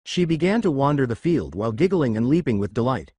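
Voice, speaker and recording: A man narrating a fan fiction story, reading at an even storytelling pace. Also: medium pitch, quick pace, husky, dry recording, clean studio sound.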